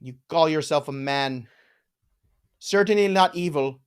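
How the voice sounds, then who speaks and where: A man's voice: a little high, unhurried, smooth. A man hosting a live fantasy football show, joking around and riffing on names in casual chat. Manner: playful, jokey, riffs on names.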